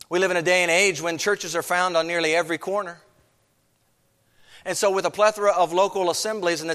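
High-voiced preaching man in a reverberant hall. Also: a bit bright. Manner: earnest preaching with many rhetorical questions. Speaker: pastor. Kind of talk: sermon.

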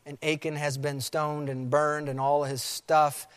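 A man preaching a sermon as pastor, with emphatic delivery that slows to repeat key phrases. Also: fairly high pitch, little pitch movement, smooth. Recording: long hall reverb.

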